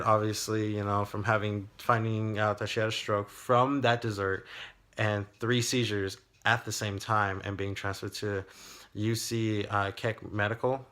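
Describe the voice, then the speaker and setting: A young man, telling a personal story in a video diary, halting, with many fillers and restarts. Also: on the low side, steady tone, a bit bright. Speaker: vlogger.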